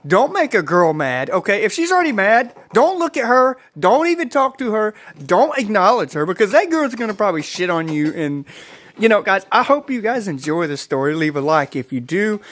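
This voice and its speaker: A man's voice: high voice, sing-song, normal speed, a bit bright. A man vlogger telling a casual storytime, rambling and profane, repeatedly addressing his viewers.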